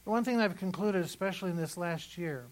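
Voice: medium pitch, fairly quick, poor audio. A pastor preaching a sermon in a conversational way, repeating phrases for emphasis at a church service.

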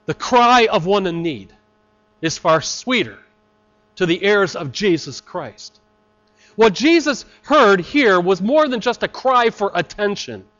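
A man preaching a sermon in a high, lively voice that swings widely in pitch. He is impassioned and dramatic, acting out cries before sinking to earnest quiet. The recording is a little dull and muffled. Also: slow pace. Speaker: pastor.

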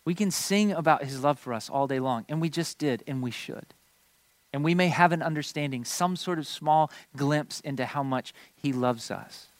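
A pastor in his thirties delivers a sermon in a slightly high voice with no echo. He recounts a family story, adding playful asides to the congregation.

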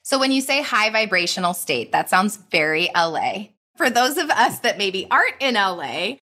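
A woman's voice: mid-range voice, very animated, normal speed, sharp tone. A woman hosting a podcast interview, chatty and self-deprecating, acting out what people say. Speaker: podcast host, nurse. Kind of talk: casual interview chat.

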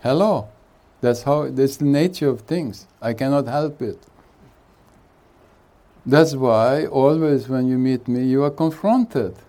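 A man teaches at a retreat in a mellow, warm voice, taking his time over each phrase. He chuckles softly between his thoughts and gives a relaxed satsang talk mixed with jokes. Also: mid-range voice, takes it slowly. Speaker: spiritual teacher. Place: retreat hall.

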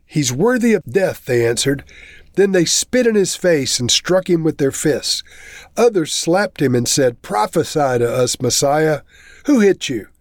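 A man's voice: a little high, darkish tone, dry recording, clean studio sound. A man reading a Bible chapter aloud and then explaining it in a plain teaching manner.

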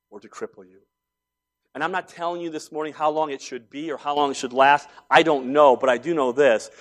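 A man in his forties preaching a sermon, telling stories conversationally and building to emphatic points. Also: medium pitch. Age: 40s. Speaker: pastor.

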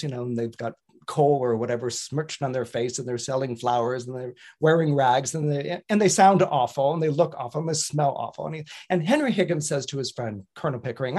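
A man's voice: fairly high pitch, a little fast, a little mellow. A man, an astrologer, telling a story in a casual, rambling way, with frequent restarts and repeated words. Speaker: astrologer and guest commentator.

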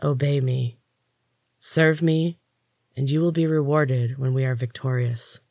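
A man voicing a cruel, soft-spoken male captor whose gentle voice carries a cold, hissing menace. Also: medium pitch, steady tone, measured pace, gravelly, no echo, studio quality. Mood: softly menacing. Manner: gentle, soft voice with a chill behind it.

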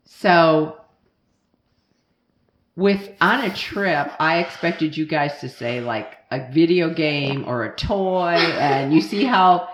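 This woman has a deep, animated voice and speaks slowly, with a little hiss or hum in the audio. She chats with kids in a relaxed question-and-answer session, asking playful questions and laughing often. The studio mic picks up the echo of a roomy space.

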